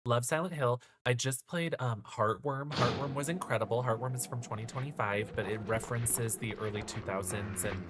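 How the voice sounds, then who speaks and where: A woman's voice: very deep voice, moderate pace, hardly any pauses, background noise. A woman livestreaming a horror game, chatting in a campy, sassy way and answering her viewers. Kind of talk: casual livestream commentary.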